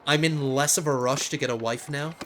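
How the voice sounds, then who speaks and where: A man hosting a let's play, giving casual gameplay commentary and getting excitable as he thinks aloud. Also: mid-range voice, a little fast, slight background noise. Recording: game music playing under the voice. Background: game music.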